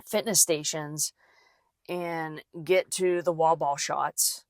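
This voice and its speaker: A woman's voice: deep voice, fairly even intonation, slow, no echo, studio quality. A woman hosting a casual solo podcast, talking chattily with lots of fillers and restarts. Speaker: podcast host, physical therapist.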